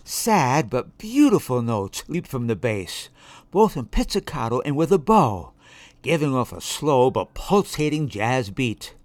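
Expressive man reading a children's story. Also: mid-range voice, a little slow, no room sound. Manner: expressive, shifting voices.

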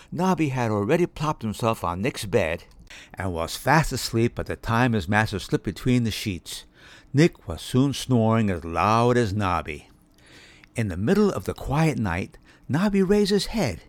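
A man's voice: mid-range voice, no echo. Man reading a storybook aloud. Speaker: narrator. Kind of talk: audiobook narration.

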